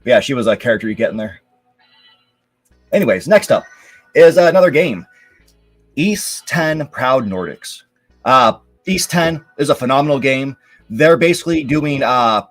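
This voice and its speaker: A young man hosting a live stream, chatting casually and rambling with many fillers about upcoming games and movies. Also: mid-range voice. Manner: relaxed, rambling, lots of fillers. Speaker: show host.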